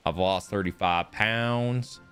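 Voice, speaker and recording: A man live-streaming a baseball video game, chatting casually and rambling excitedly to his viewers as he plays. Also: lowish voice, takes it slowly, faint music behind. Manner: rambling, excitable, talks to chat while playing.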